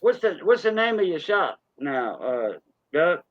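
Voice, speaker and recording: A man's voice: on the high side, very animated, unhurried, dry recording, muffled recording. A man with a Cajun Louisiana accent hosting a casual livestream chat, greeting viewers by name and laughing easily. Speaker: livestream host.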